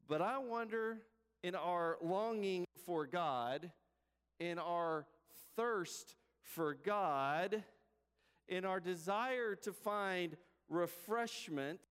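A man's voice: a little high, fairly bright tone, clean tone. A man preaching a sermon as pastor, telling stories and leading prayer in an earnest way. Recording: long hall reverb from the church.

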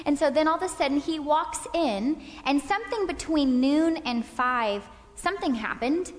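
A woman leading a faith-based parenting class from a stage, animated, acting out scenes and checking in with her listeners. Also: sits high, moderate pace, hardly any pauses. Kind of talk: interactive faith-based lecture with volunteers. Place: stage in a large hall. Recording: hall reverb from a stage talk.

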